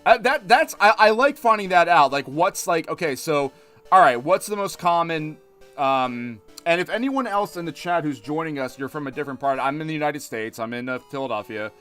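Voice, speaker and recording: A man's voice: fairly high pitch, lively intonation, moderate pace, a bit bright, faint music behind. A man in his thirties streaming a game, chatting in a loose, rambling way full of restarts. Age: 30s. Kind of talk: casual let's-play chat.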